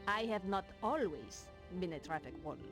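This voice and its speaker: A lively, up-and-down voice plays a quirky traffic warden who knows far too much about guns, as a woman voices her. She delivers her lines dryly, with mock gruffness. It is game audio over clear music. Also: on the low side, moderate pace, natural voice. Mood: knowing. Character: dry, quirky former gun expert turned traffic warden.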